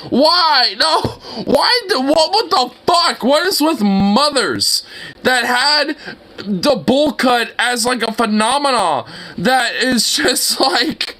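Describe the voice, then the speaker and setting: Excitable, high-voiced young man reacting. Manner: excitable, laughing and swearing, loud exclamations. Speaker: reaction video host. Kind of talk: reacting to videos.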